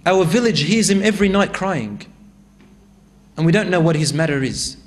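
A village shepherd explains calmly and plainly what he has seen. A male preacher voices him inside a story. The voice stays high and unfussy. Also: moderate pace, big-room sound. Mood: matter-of-fact.

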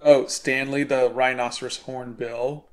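A man's voice: mid-range voice, little pitch movement, unhurried. A man, an artist, hosting a casual livestream and telling viewers an easygoing story.

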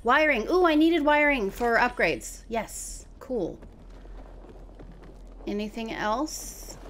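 A woman streaming a co-op game, giving casual commentary in an excitable manner, often exclaiming and laughing. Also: on the high side, slow, slight background noise. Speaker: gaming streamer.

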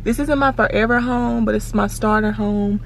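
A woman, chatting excitedly to her viewers in a casual vlog. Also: a little high, moderate pace, gravelly, slight background noise. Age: 20s. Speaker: vlogger and small business owner.

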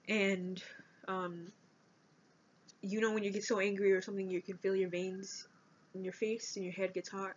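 An eighteen-year-old woman vlogging about her own life, speaking earnestly and haltingly as she reads from notes. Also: mid-range voice, level tone, husky. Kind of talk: personal confessional vlog. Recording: dull lo-fi recording.

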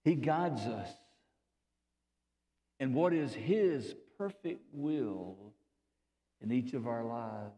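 A man with a Southern US accent preaching a sermon as pastor, swinging between loud, fervent build-ups and low, quiet passages. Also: animated, slow pace, long pauses. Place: church sanctuary. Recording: reverberant church hall.

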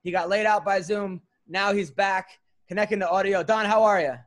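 High-voiced joking podcast host, a man. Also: steady tone, moderate pace, fairly bright tone. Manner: loose, joking, swears. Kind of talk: casual chat on a video call.

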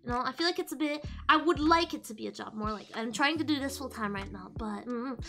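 A woman's voice: high voice, fairly quick, pushed and bright. A woman streaming live, chatting casually with her viewers in a giggly, playful way, rambling with many restarts. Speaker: VTuber streamer. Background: faint background music.

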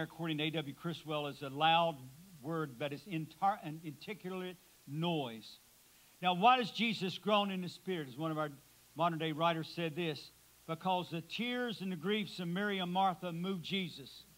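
High, bright-voiced preaching man. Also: poor audio. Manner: preaching with dramatic swings from loud to hushed. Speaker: pastor. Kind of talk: sermon. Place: church sanctuary.

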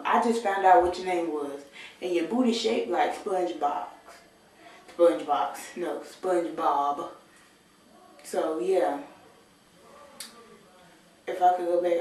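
Sassy teen girl, slow talker, video diary in a super echoey bathroom, mic kinda far. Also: fairly low pitch, darkish tone. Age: teens. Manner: sassy, playful, talks to the camera. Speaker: high school student. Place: bathroom with shower.

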